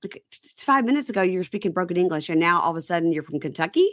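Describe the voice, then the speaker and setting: A woman from Mississippi hosting a casual chat, animated and mimicking the people she quotes. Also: fairly low pitch, rapid-fire, no room sound, studio quality. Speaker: podcast host. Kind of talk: casual chat recapping reality TV.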